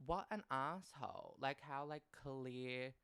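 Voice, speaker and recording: Slow-paced and medium-pitched, with a fairly bright, clean tone and no room sound, a young man hosts a relaxed storytelling podcast. He's blunt, swears freely, and wanders wryly into asides.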